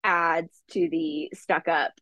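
A woman's voice: low voice, steady tone, slow pace, fairly bright tone. A woman guest on a podcast, chatting casually, using "like" a lot and laughing often. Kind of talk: casual chat.

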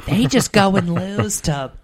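Man doing a high-pitched complaining mom, a martyr griping about her team. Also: animated, unhurried. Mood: grumbling. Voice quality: whiny, self-pitying. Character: grumbling middle-aged mother, sports fan, martyr-ish.

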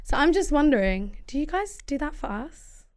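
A woman's voice: sits high, sing-song, normal speed. Bubbly woman podcast host. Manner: playful, teasing, bubbly. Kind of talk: casual chat.

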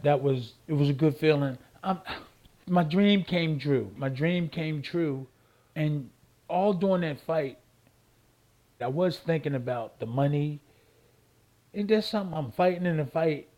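A man's voice: fairly high pitch, expressive, a little slow, mellow, muffled recording. An older man, a former boxing champion telling his story as a guest, repeating phrases and acting out old phone calls. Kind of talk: animated storytelling interview.

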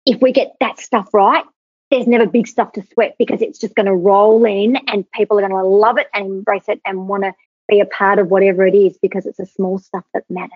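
Woman guest, earnest storyteller, husky tone, dry narrow phone-line sound. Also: medium pitch, fairly even intonation, fairly quick, dry recording. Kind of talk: storytelling advice on leadership.

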